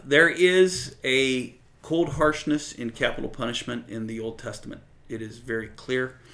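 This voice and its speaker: A man delivers a sermon in a relaxed, talky way, stopping often with "uh" as he reads scripture and unpacks it. His voice sits at an ordinary pitch and carries a gravelly, creaky edge. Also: unhurried. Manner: conversational teaching with many fillers, quoting scripture aloud. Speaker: preacher.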